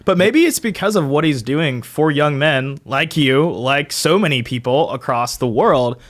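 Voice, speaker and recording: A man's voice: fairly high pitch, animated, a little slow. A man in casual podcast chat, earnest, with frequent fillers and restarts.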